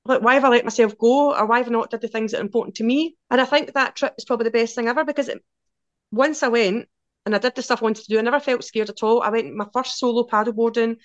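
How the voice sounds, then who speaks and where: A Glaswegian woman in her forties, a podcast guest telling casual, lively stories in quick run-on anecdotes. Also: a little high, no echo, dull audio. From Scotland. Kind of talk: casual storytelling.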